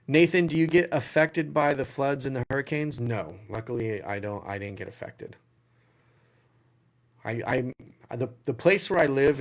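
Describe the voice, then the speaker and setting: Rambling Southern US man hosting. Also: medium pitch. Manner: rambling, repeats phrases and restarts. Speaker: livestream Q&A host. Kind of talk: casual livestream chat.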